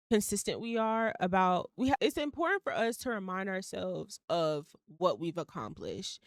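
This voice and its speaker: Young adult woman, casual podcast host, blunt, animated, swears a lot, mid-pitched voice, dry recording. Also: no room sound. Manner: blunt, swears freely, animated self-talk. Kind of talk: casual solo podcast talk.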